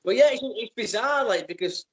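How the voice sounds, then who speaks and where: A man's voice: high-pitched, animated, moderate pace, slightly rough, low-quality recording. A man with an English accent co-hosting a casual podcast, talking eagerly with frequent restarts. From England. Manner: enthusiastic, stammers on restarts. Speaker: podcast co-host. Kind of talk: casual interview chat.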